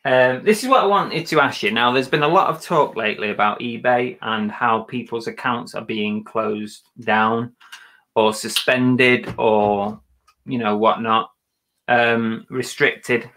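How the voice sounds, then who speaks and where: English man co-hosting a live stream, bright forceful voice, joking and a little sheepish. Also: mid-range voice, a little slow. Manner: self-conscious, joking, hesitant. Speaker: co-host of a reselling live show. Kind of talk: casual live-stream chat.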